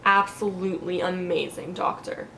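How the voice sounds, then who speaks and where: A woman's voice: on the low side, steady tone, normal speed, vocal fry, sharp tone, slight background noise. A young woman recovering from surgery tells her story in a chatty, casual vlog, full of "like" and quoted asides, laughing often. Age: young adult. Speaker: vlogger.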